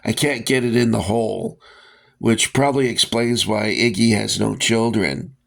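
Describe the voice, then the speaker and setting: A man's voice: lowish voice, steady tone, moderate pace, vocal fry, fairly bright tone. A man casually reviewing vintage toy soldiers, rambling with lots of fillers and dry jokes, a bit winded.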